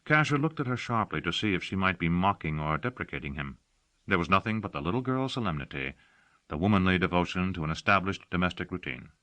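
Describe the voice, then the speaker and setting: A man narrating an audiobook with expressive storytelling. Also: sits low, quick pace, dry recording. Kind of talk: scripted narration.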